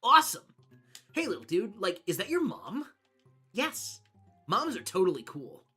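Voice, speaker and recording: Mushroom king figure, surfer slang, put on by a streamer, bright voice, faint music behind. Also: mid-range voice, slightly rough, pitched above the performer's own voice, exaggerated voice. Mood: stoked. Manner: slangy, excitable, drawn-out surfer speech. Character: laid-back surfer-dude mushroom king. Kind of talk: reading game dialogue aloud.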